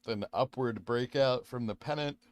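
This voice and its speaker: A man hosting a live trading stream, reading chat aloud and talking casually with lots of fillers, drifting from quiet murmurs to excited bursts. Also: medium pitch, normal speed, dry recording, studio quality. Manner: rambling, filler-heavy, swings from quiet muttering to excited bursts. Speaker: livestream trading host.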